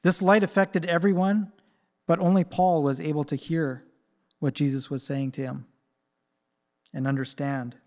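A man preaching a sermon in a fairly high voice. He swings between loud, pressing emphasis and soft, hushed passages, retelling the story with pauses and restarts. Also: flat delivery.

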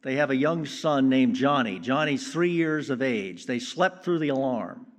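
A man preaching a sermon in a slow, deliberate way with strong emphasis on key words. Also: mid-range voice, lively intonation. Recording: long reverb of a large hall.

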